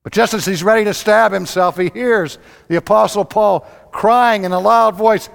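A man preaching a sermon, telling the story dramatically, swinging from loud outbursts to hushed lows. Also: steady tone, moderate pace, gravelly. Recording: long hall reverb.

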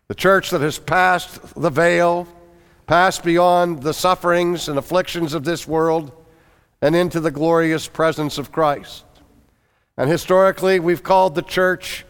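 A man preaching a sermon, reading scripture aloud and expounding on it in a measured, emphatic pulpit delivery. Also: fairly high pitch, clear, resonant tone, in a large hall.

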